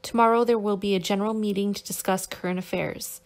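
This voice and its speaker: A woman reading the lines of a calm, resolute young man in an audiobook, with a teasing edge in his delivery. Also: mid-range voice, quick pace, close to an everyday voice. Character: calm, confident young man, crafty and bold.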